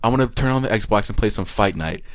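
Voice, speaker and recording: Young guy on a podcast, lowish voice that swings all over, swearing and laughing through a story. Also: lively intonation, fast. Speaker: podcast co-host. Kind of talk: casual storytelling.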